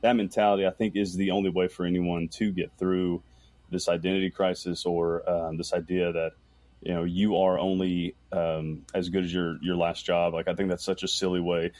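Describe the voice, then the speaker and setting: A man talking as a podcast guest in loose casual chat, rambling with lots of fillers and getting animated in stories. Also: sits low, moderate pace, no echo. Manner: rambling, heavy use of "like", animated when telling stories. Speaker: podcast guest, camera operator.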